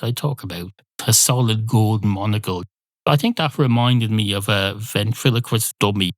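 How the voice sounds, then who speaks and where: A man's voice: on the low side, no room sound. A man hosting a solo comedy podcast, rambling through sweary, mock-indignant asides. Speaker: podcast host.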